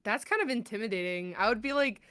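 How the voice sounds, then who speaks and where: A woman's voice: a little high, expressive, fast, fairly bright tone, no echo. Woman cohost, laughs a lot, swears casually, dry close sound. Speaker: podcast co-host. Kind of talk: casual chat.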